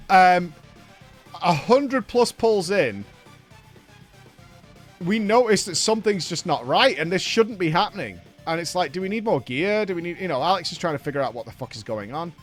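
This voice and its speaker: A man hosting a live stream, rambling through a story with plenty of swearing and pausing to thank viewers. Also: high-pitched. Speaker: streamer and show host.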